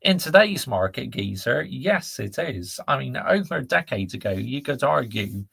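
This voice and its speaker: Geezer on a live stream, gravelly raspy voice, blunt ranty chat, dry close mic. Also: male voice, medium pitch, sing-song, normal speed, fairly bright tone, dry recording. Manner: ranting, blunt, laddish slang. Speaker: football channel host reading live chat.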